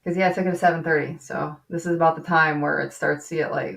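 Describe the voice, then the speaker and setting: A talkative woman hosting a relaxed live-stream chat, laughing easily and filling her sentences with "like". Her voice sits a little low. The mic is set back from her, so she sounds somewhat distant. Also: fast talker, creaky. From western New York. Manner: chatty, laughs often, many fillers. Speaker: physician host.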